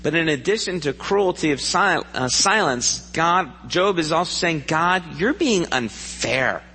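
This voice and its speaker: A man's voice: fairly high pitch, a little slow, pushed and bright, a little hiss or hum. Earnest man preaching in a church hall. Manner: earnest, asks the congregation questions. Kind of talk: sermon. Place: church sanctuary.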